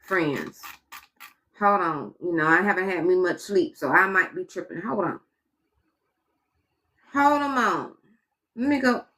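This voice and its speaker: Bright-voiced exasperated woman streamer. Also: on the low side, animated, takes it slowly, long pauses. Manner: exasperated, muttering asides to viewers. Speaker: live streamer. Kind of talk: casual live-stream chat.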